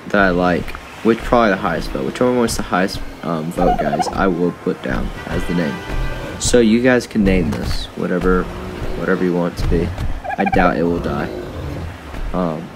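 A young gaming YouTuber with a deep voice rambles casually while he plays, talking to his viewers and to the in-game animals. There's a noisy background behind him.

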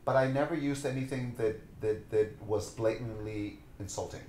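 With a mid-range, darkish voice at a moderate pace, a man is heard in a roomy, low-quality recording with slight background noise. He's a dancer and teacher guesting on a podcast, spinning animated stories with passion and voicing the people in them.

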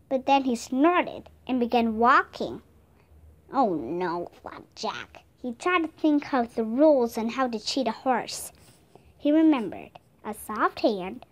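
Slow, careful woman storyteller. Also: high voice. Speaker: storybook reader. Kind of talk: scripted narration.

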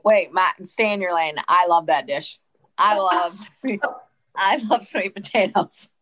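A woman co-hosting a podcast who chats casually and candidly about recovery, with an expressive delivery and some swearing. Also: fairly low pitch, measured pace, a little hiss or hum. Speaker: podcast co-host. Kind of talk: casual chat.

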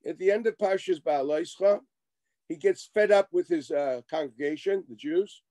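Animated, high-voiced man lecturing. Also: moderate pace, no room sound. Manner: animated, wry asides, acts out quoted exchanges. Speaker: rabbi lecturing. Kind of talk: Torah lecture.

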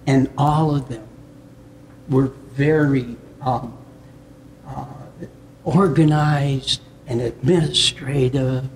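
A man, a pastor from the Upper Midwest of the US, earnestly telling his personal testimony in conversation, with reflective storytelling and soft chuckles. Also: mid-range voice, fairly even intonation, takes it slowly, slight background noise.

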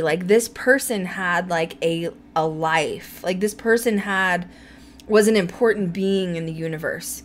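A woman hosting a paranormal podcast, talking in an animated, ranting way and laughing often. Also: lowish voice, measured pace, a little hiss or hum. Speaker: podcast host. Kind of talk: casual chat.

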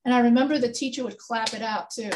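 A woman's voice: fairly high pitch, fast talker, darkish tone, a little hiss or hum. A woman teaching a grammar lesson in an online class, explaining rules step by step and checking in with her students. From Texas. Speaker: writing instructor.

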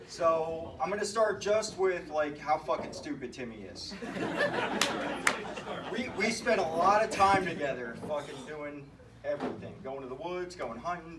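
Profane man roasting a friend in an echoey hall. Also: fairly high pitch. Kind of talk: roast speech to a crowd. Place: hall at a retirement party. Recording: echoey hall recorded from far off with crowd noise.

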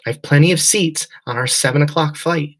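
A man voicing an apologetic female airport gate attendant in a husky voice, speaking softly and politely. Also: a little high, moderate pace, voice pushed up, lightly acted, rough recording. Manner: soft, sorry, politely regretful.

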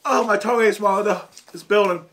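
A man's voice: high voice, brisk, a bit bright, a little hiss or hum. A man with an Ohio accent chatting casually on a food challenge vlog while gasping and groaning through burning heat. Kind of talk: casual chat.

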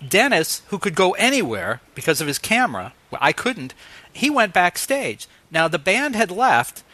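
A man in his fifties hosts a relaxed interview, his voice bright and forward with a slightly high pitch. He tells stories with animated energy and laughs often. The talk is casual and chatty. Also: normal speed, no room sound. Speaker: host.

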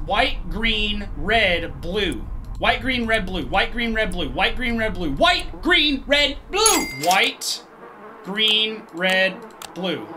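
Jumpy horror gamer thinking out loud, bouncy pitch, bright voice, yelps at scares. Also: sing-song, takes it slowly, a little hiss or hum. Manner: jumpy, exclaims loudly at scares; thinks aloud while solving puzzles. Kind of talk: let's play commentary.

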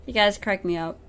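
A young woman from New Zealand, whose medium-pitched voice is fairly bright, clear, and resonant, streams a game live. She reads the dialogue aloud in a playful voice, giggles and laughs frequently, and chats with viewers.

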